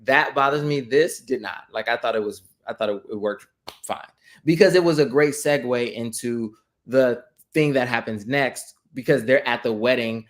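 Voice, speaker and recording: Measured man discussing a film. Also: medium pitch. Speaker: podcast co-host. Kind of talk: casual movie review chat.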